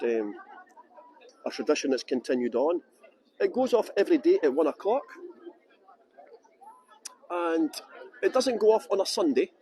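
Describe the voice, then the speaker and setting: A man's voice: a little high, mellow, slight background noise, low-quality recording. A middle-aged Scottish man guiding a live-streamed tour outdoors, chatting and joking as he greets viewers by name. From Scotland. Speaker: tour guide.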